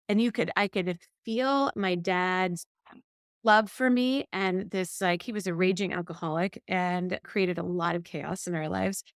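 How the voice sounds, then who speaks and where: Woman podcast co-host, lively storyteller who acts out quotes, dry close sound. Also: mid-range voice, dry recording. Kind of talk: casual chat.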